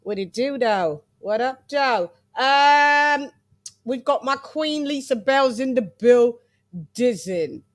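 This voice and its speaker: Hosting a casual boxing chat livestream, a woman from England is playful and chatty, singing little jingles to bring guests in and tossing in chatty asides. Her voice is high and animated, and she speaks slowly.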